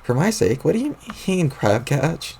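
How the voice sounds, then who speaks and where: A bubbly young sea-troll girl, as a man puts her on speaks in a raised, sweet voice. There is a gravelly grain underneath, and it comes from a man reading a webcomic aloud on stream. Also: fairly high pitch, big pitch swings, unhurried, dark tone, full character voice. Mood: puzzled.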